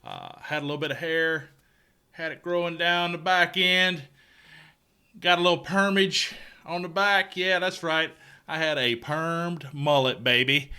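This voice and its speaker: A man with a Southern US accent hosting a casual good-news show, folksy and excitable, often stammering and repeating words. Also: fairly high pitch, unhurried, smooth.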